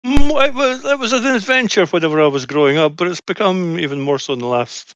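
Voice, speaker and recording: A man voicing a young half-elven male explorer, who speaks slowly and hesitantly with a wry touch. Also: high-pitched, expressive, a bit bright, smooth, no room sound, lo-fi sound, pitched above the performer's own voice. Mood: wistful.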